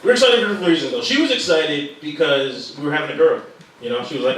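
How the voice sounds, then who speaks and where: On a comedy club stage, a man does a lively stand-up routine, joking and ranting with mock anger. His voice is on the high side and rapid-fire. The room is echoey, with a distant mic, a loud crowd, and slight background noise.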